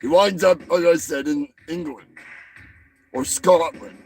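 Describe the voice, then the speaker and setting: A man's voice: a little high, measured pace, vocal fry, a little mellow, soft background music, poor audio. A male show host giving rambling, profane comedic commentary, often stumbling over and repeating his words.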